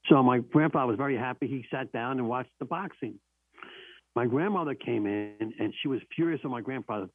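Man, talk host, emphatic, repeats himself, mid-pitched voice, narrow tinny phone-like audio, dry. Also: brisk, dry recording. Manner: emphatic, repeats key phrases. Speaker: radio call-in host. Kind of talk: casual storytelling and quiz hosting.

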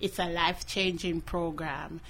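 Earnest low-voiced woman radio guest. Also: fairly even intonation, measured pace, fairly bright tone, slight background noise. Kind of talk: radio interview. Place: radio studio.

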